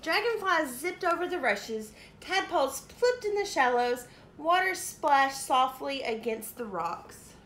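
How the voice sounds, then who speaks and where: A woman preschool teacher reading a picture book aloud to young children in an animated, sing-song way, in an echoey room. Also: high-pitched, a little slow, few pauses. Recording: echoey room, faint noise.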